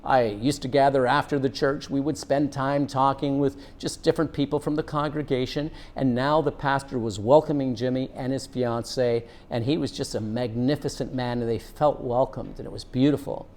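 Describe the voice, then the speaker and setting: Middle-aged guy telling an old cop story, earnest, takes his time, normal pitch. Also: fairly even intonation, a little mellow. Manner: earnest, unhurried, draws out a lesson. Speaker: former police officer telling a personal story. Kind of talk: reflective personal storytelling.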